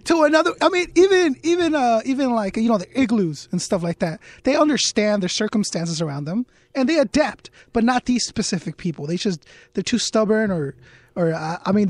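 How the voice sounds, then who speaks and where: A man's voice: very high-pitched, dry recording. A man in a casual podcast chat, ranting wryly and incredulously.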